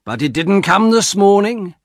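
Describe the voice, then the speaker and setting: A man reading an audiobook, voicing a stubborn, uneasy old husband in a slow, emphatic way. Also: sits high, big pitch swings, no echo, studio quality, voice pushed up, heavily acted. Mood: insistent.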